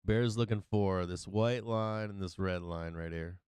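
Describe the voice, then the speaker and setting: A deep-voiced man speaking at a measured pace, with a clean tone and no room sound, hosts a stock market livestream while tired from no sleep. He comments on charts casually, profane and excitable, swearing a lot and laughing often.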